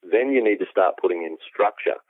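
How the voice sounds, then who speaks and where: A man with an Australian accent, an aquaponics specialist, explaining things at length in a relaxed way with many ums, heard over a phone call. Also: low-pitched, a little fast, no echo. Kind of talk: explanatory interview answers. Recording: tinny phone line, dry.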